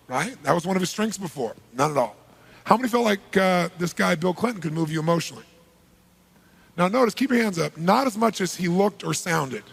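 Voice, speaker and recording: A man giving a live seminar talk to a large audience, energetic and punchy, polling the crowd with quick questions. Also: sits high. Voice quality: gravelly, husky. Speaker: seminar speaker.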